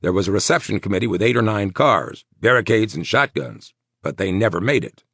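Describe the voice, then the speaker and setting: A man voicing a nervous, sweating male mayor, talking in tense, insistent rapid bursts. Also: on the low side, lively intonation, fairly bright tone, breathy edge, no echo, clean studio sound, voice pushed up, full character voice. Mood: worried.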